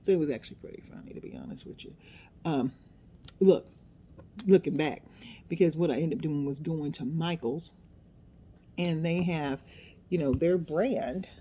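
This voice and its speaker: A woman's voice: deep voice, moderate pace, pauses often, mellow, slight background noise. A middle-aged woman chatting casually as she works on a craft project, rambling and poking fun at herself as she goes. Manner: chatty, self-deprecating, talks to herself while working. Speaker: craft vlogger.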